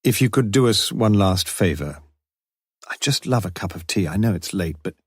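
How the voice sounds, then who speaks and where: A man voicing a shrewd, wry male police inspector in an audiobook, coaxing and quietly commanding. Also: low voice, animated, normal speed, husky, no room sound, studio quality. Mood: brisk. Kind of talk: audiobook character voice.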